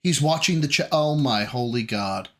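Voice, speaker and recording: Lively, profane mocking stream host. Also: male voice, medium pitch, moderate pace. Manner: profane, mocking, heckling the clip. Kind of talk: live reaction commentary.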